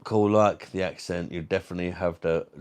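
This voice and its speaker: Deep voiced british guy on a live stream, chatty, jokey, swears a lot. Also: steady tone, a little fast, smooth. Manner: jokey, self-mocking, swears freely. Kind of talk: casual chat while reading live comments.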